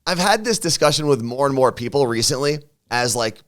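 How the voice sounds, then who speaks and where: A man's voice: medium pitch, lively intonation, brisk. Easygoing male talk show co-host. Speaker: radio and podcast co-host. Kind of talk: casual chat. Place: studio.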